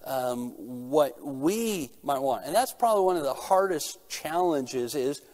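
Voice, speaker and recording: A man's voice: medium pitch, lively intonation, unhurried, darkish tone. A middle-aged man preaching a sermon, earnest, asking rhetorical questions and answering them himself. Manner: earnest, rising in intensity at key points. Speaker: pastor.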